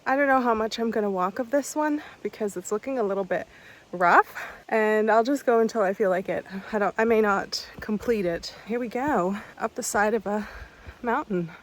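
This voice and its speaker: A woman's voice: mid-range voice, normal speed, slight background noise, low-quality recording. A woman with a North American accent, narrating her solo travel vlog in a bubbly, gushing way, filmed on a handheld camera outdoors and in a motel room. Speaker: travel vlogger.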